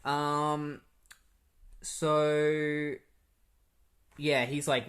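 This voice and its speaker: Aussie-based podcast guy recapping comics, mid-pitched, rambly and sarcastic with lots of ums and likes. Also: flat delivery, very slow, pauses often, a bit bright. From Australia. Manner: rambling, sarcastic, frequent fillers. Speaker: podcast host. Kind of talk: casual comic-book recap.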